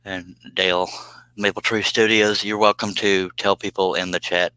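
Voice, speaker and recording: A man's voice: low voice, little pitch movement, moderate pace, pushed and bright, smooth, dry recording, low-quality recording. A man chatting casually on a woodworking live stream, laughing often and reading viewer comments aloud. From United States. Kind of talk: casual live stream chat while working.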